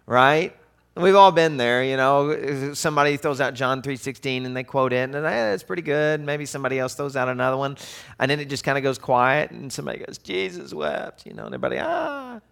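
Guy preaching, chatty and animated, keeps asking the crowd questions, medium voice. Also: medium pitch. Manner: conversational and animated, with rhetorical questions. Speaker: pastor. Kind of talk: sermon.

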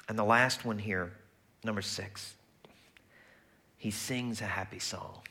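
Male pastor, casual sermon delivery, bright forceful tone. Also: fairly low pitch, slow, long pauses. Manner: conversational and lively, acts out quoted voices.

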